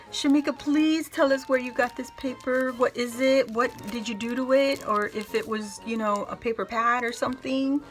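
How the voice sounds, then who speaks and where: A woman craft vlogger opening happy mail, gushing and excitable as she chats casually. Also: mid-range voice, low-quality recording. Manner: gushing, excitable, squeals often. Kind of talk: casual unboxing chat.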